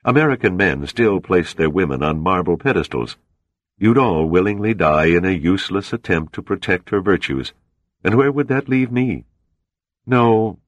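A man voicing a suave, cold Soviet officer who talks with unhurried, mocking menace. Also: sits low, no echo, pitched above the performer's own voice.

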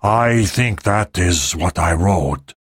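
A weary aging male oracle who speaks slowly and quietly, as a male narrator puts him on. His voice is low and the sound is dry and close. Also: lively intonation, slightly rough, no echo, heavily acted. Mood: solemn. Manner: slow, quiet.

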